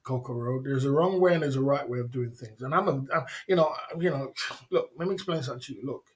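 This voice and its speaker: A man's voice: mid-range voice, fast. A man hosting a casual livestream, rambling and repeating himself in streetwise slang while answering viewers. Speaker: livestream host. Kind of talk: casual livestream chat reading viewer comments.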